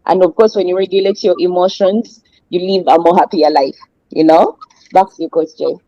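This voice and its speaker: Woman coach with an East African accent, warm and mellow tone, dry close sound, explains by acting out examples. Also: fairly even intonation, normal speed, dry recording, lo-fi sound. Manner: explains by acting out stressed people in a higher voice. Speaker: life coach co-host. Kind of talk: casual discussion.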